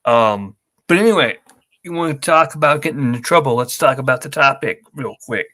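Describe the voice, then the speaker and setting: A man's voice: medium pitch, expressive, brisk, pushed and bright. Rambling man acting out friends' lines. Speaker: podcast co-host. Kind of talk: casual chat.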